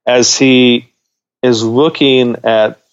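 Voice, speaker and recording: A man's voice: medium pitch, steady tone, extremely slow, clean tone. A man co-hosting a podcast in casual chat, blunt and swearing, often repeating words as he thinks. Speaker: podcast co-host. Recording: dull lo-fi audio.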